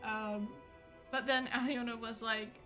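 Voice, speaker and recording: A woman streamer chatting through a casual story, giggly and full of little fillers. Her voice is bright and fairly high, and she takes her time, unhurried. Faint music sits beneath her. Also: steady tone. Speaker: gaming streamer.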